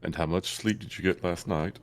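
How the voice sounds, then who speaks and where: A man voicing a calm, stern older male mentor at a tabletop game, low and measured. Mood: dry. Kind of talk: tabletop role-play in character.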